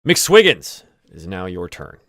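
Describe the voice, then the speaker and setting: A man acting as game master, narrating a tabletop game over a voice call in a relaxed, casual way. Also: fairly low pitch, normal speed, dry recording, studio quality.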